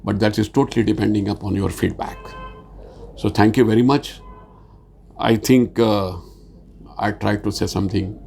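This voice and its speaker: Trainer, male, gravelly voice, earnest halting delivery with frequent fillers. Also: on the low side, fairly even intonation, darkish tone, a little hiss or hum. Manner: halting, repeats words, earnest; speaks slowly with many fillers. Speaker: sales communication trainer. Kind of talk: informal spoken lecture.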